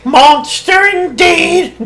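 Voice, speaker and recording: A man voicing a shrill, fussy old village woman in a piercing falsetto, mock-horrified. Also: extremely slow, pushed and bright, exaggerated voice. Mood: shrill mockery.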